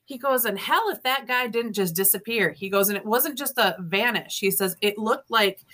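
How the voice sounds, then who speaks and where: In a mid-range voice at normal speed, the woman shares ghost stories as a guest author being interviewed. Casual and animated, she acts out what others said and often breaks into laughter.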